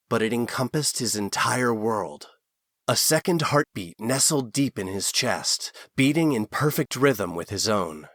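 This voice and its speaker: Expressive male storybook narrator. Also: mid-range voice, no room sound, studio quality. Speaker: audiobook narrator. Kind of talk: scripted narration.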